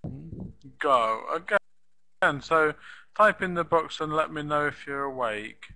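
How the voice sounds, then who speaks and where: A man's voice: on the high side, slow, sharp tone, rough recording. A man teaching pronunciation in a live online class, patiently repeating example sentences and asking the students questions.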